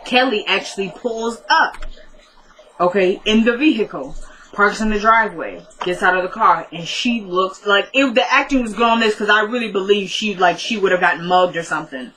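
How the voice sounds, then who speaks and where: A woman's voice: medium pitch, moderate pace, bright, forceful tone, rough recording. A woman casually recapping a TV episode, retelling the dialogue in a chatty way. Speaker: TV recap vlogger.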